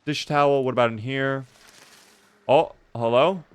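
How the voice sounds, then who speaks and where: A man's voice: medium pitch, a little slow, background noise. A young man giving casual, swear-heavy commentary while playing a video game. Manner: swears a lot, rants when angry. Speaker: gaming streamer.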